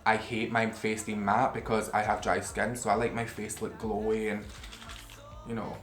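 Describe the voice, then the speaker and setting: His voice fairly low and level at a normal speed, a man vlogs from a room at home while eating. He rambles and swears freely to the camera facing him, and the sound is roomy.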